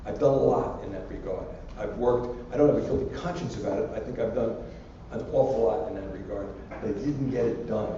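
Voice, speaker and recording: An older man tells rambling stories and jokes while answering student questions. His voice is mellow and dull on a lo-fi recording. It is caught from far off in a large, echoing hall. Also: on the low side, a little fast, few pauses, a little hiss or hum. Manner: rambling, anecdotal, joking. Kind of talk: casual public Q&A.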